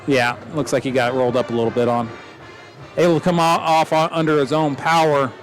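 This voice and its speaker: A man calling a live high school football game play by play, quick and joking as he corrects himself. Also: steady tone, faint music behind. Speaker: play-by-play announcer.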